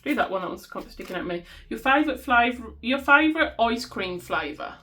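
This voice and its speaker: A slightly high, bright and forceful voice, animated and fairly quick, belongs to a Black Country budgeting vlogger from the West Midlands. She chats casually as she sorts cash, laughing at herself and humming tunes.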